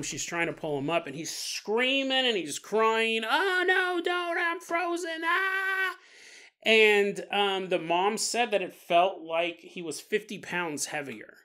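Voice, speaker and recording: A male podcast host retells a paranormal story in a casual, joking way, laughing at his own asides. His voice sits high and sounds bright and forward.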